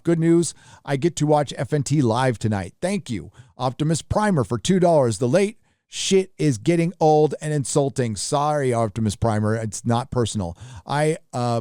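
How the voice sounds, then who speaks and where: A male livestream host reading out viewer donations and messages, adding quick casual asides. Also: medium pitch, dark tone, dry recording, studio quality. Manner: reads donor messages aloud with quick asides.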